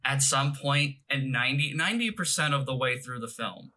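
A man's voice: mid-range voice, normal speed, pushed and bright, poor audio. A young man co-hosting a podcast, chatting casually about films in a rambling, self-correcting way. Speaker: podcast co-host. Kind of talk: casual film chat.

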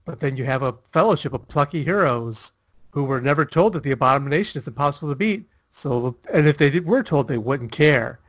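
A man's voice: medium pitch, expressive, a little fast, fairly bright tone, no echo. A man co-hosting a casual chat, rambling with lots of fillers and laughing often. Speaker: podcast co-host.

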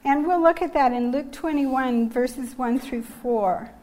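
A woman's voice: sits high, a little slow, few pauses, darkish tone. A woman giving a sermon on generosity, earnest and emphatic, reading scripture passages from slides. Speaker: preacher.

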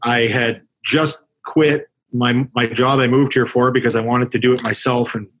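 A man's voice: medium pitch, steady tone, normal speed, a bit bright, poor audio. A man from Canada, a hockey coach, talking through his coaching experiences in a casual interview, reflective and full of restarts. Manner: conversational, reflective, with frequent restarts.

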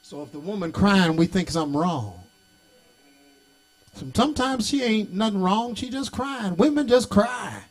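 A middle-aged bishop with a strikingly high voice, preaching to his congregation. He moves from folksy storytelling into shouted, sing-song calls and talks straight back to the crowd. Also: animated, normal speed. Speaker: bishop and pastor. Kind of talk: sermon.

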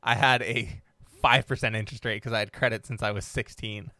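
A man's voice: fairly low pitch, steady tone, fairly quick, sharp tone, no echo. A young adult man hosting a casual interview, chatty and loose with frequent ums and restarts. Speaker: podcast host.

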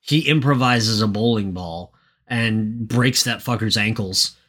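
A man's voice: fairly low pitch, a little slow, a bit bright. A man co-hosting a podcast, recapping a story in a casual, profane, rambling way. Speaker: podcast co-host. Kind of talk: casual chat.

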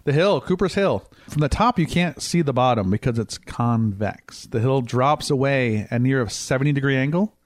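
A man in a laid-back podcast conversation, mid-pitched and easygoing. He keeps slipping puns into his explanations and chuckles at his own jokes. The sound is dry, with no room echo. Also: animated, normal speed, hardly any pauses. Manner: joking, cheese puns, laughs easily. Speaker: podcast host. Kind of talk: casual podcast chat.

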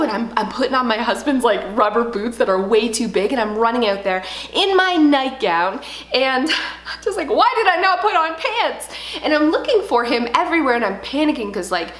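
A woman in her thirties, a home decor vlogger telling a story in casual, animated chat. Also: a little high. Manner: chatty, animated storytelling with laughs. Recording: echoey room.

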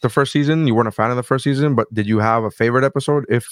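A man's voice: medium pitch, rapid-fire, smooth. A man hosting a casual podcast chat, talking enthusiastically in long, rambling runs and swearing freely. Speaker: podcast host.

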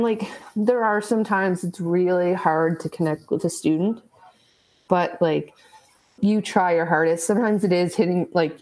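A woman's voice: on the low side, darkish tone, poor audio. A woman teacher, a guest on a podcast, chatting casually and laughing often between her points. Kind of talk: casual interview chat.

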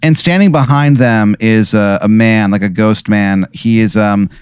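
A man's voice: fairly low pitch, measured pace, clean tone, dry recording. A man hosting and telling an improvised comic hypothetical, rambling with many "like"s and "uh"s. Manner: rambling, full of "like" and "uh". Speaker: host, storyteller.

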